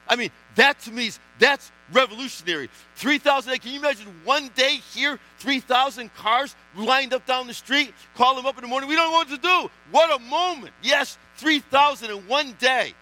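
A man preaching a sermon as a guest speaker, with impassioned, emphatic delivery, repeating phrases and swinging between loud exclamations and hushed lines. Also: very high voice, moderate pace, hardly any pauses, low-quality recording.

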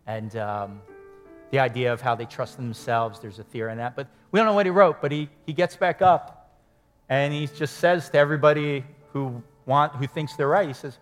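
A man preaching an earnest sermon as pastor, building to emphatic points and dropping to hushed prayer, at times choked up. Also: medium pitch, normal speed, faint music behind. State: choked up with emotion.

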